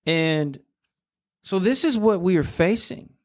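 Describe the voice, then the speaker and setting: A man hosting an interview, talking candidly with frequent pauses and fillers. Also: high-pitched, lively intonation, no room sound, studio quality. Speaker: podcast host. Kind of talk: casual interview commentary.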